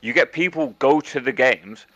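An English man co-hosting a podcast, telling stories in a lively, swearing, casual chat. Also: mid-range voice, normal speed, dry recording. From England. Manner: animated storytelling, heavy swearing. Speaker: podcast co-host. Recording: dull, dry lo-fi mic with faint music.

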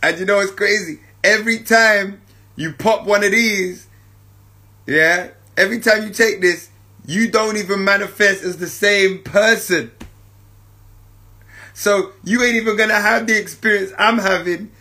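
A man's voice: high voice, steady tone, measured pace, sharp tone. A man giving a casual, jovial spiritual monologue, laughing often and talking in slang with lots of repetition.

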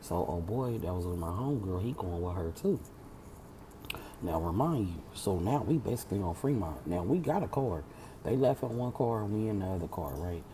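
A woman telling a story from work in an animated, slangy, swear-heavy casual chat. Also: a bass voice, normal speed, slight background noise.

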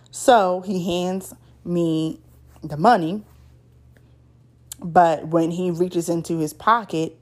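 Woman storyteller, lowish pitch, casual slangy first-person read. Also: a little mellow.

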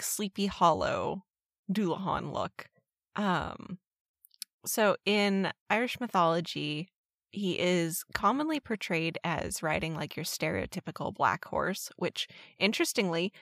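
A woman co-hosting a casual podcast, telling folklore stories in a relaxed, chatty way. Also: lowish voice, vocal fry, no echo, clean studio sound. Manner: storytelling about folklore, light laughs. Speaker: co-host.

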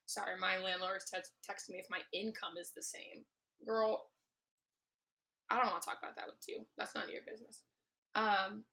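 A young woman in her twenties rants to her podcast listeners from a room at home. Her voice is bright and forward, and she rambles through her story with blunt, profane candor. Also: mid-range voice, fairly even intonation, moderate pace, creaky, pauses often. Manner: candid, swears a lot, rambling. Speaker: podcast host. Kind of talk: casual ranting monologue. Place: home room, recording alone. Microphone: no proper mic.

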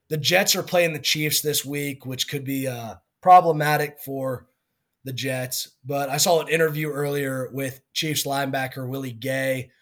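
A man co-hosting a sports podcast in casual chat, giving blunt opinions that trail off softly at the ends. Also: medium pitch. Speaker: podcast co-host.

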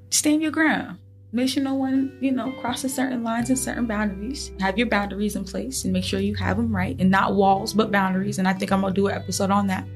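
A podcast host with a medium-pitched, slightly mellow voice runs a motivational faith show. She talks to her listeners earnestly and encouragingly, and she often bursts into laughter.

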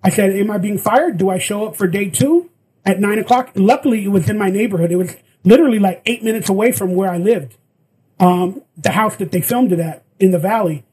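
A man's voice: sits high, fairly quick, husky, rough recording. A man telling a story in casual chat, acting out the lines of the people in it. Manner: animated, acts out quoted lines. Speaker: guest actor.

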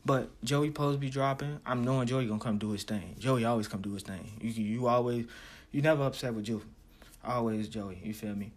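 A man's voice: medium pitch, steady tone, brisk. A man hosting a music show, chatting loosely with many fillers and repeats. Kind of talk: casual chat.

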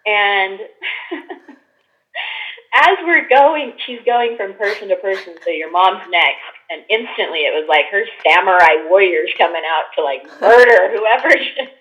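Animated woman guest telling a story. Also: measured pace. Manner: animated, acts out quotes with big pitch jumps. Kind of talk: casual storytelling chat. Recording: dull lo-fi sound.

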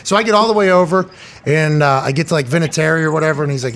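A man's voice: on the high side, rapid-fire, a bit bright. A man hosting a podcast, joking and telling profane stories in casual chat. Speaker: podcast host. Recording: noisy podcast recording.

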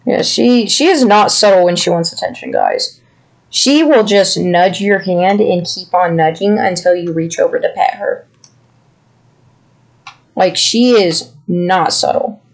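An unhurried podcast co-host speaks in a high-pitched, sing-song voice with a gravelly edge. He chats casually and rambles affectionately.

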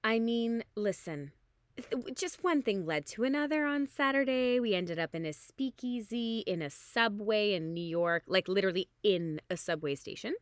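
A hungover woman telling a story in a casual way, animated, and she acts out the people she quotes with big jumps in pitch. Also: moderate pace, dry recording, clean studio sound. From Canada.

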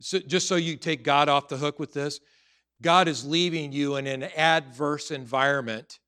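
A man's voice: a little high, steady tone, normal speed, sharp tone, smooth. A middle-aged man preaching a sermon as pastor, telling personal stories earnestly with frequent restarts and building to emphatic exhortation.

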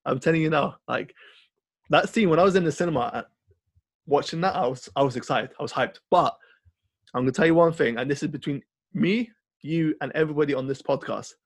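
A man co-hosting a podcast, chatting casually and rambling through an animated story with lots of fillers. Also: on the high side, a little fast, dry recording. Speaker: podcast co-host. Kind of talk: casual film chat.

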